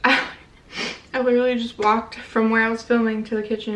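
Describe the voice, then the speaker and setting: A sassy, foul-mouthed young woman chatting through a makeup tutorial. Her voice sits a little higher than most. She is recorded from a bit away from the mic. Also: little pitch movement, a little fast, far from the mic, background noise. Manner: blunt, profane, sassy. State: pregnant. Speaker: beauty vlogger. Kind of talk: casual makeup tutorial and rant.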